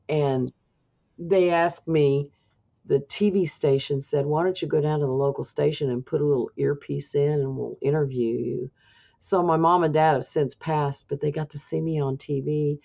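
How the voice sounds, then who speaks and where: Older woman with a gravelly voice. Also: low-pitched, normal speed. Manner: animated storytelling, quotes others in raised voice. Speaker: interviewee, forensic sketch artist. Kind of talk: recorded interview recollection. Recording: dull lo-fi interview audio.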